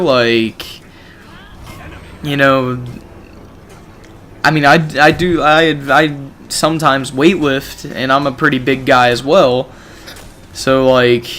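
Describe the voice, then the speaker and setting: A man's voice: mid-range voice, steady tone, takes it slowly, long pauses, a bit bright, a little hiss or hum. A man from a gaming channel telling a story casually, rambling with lots of "you know" and "like".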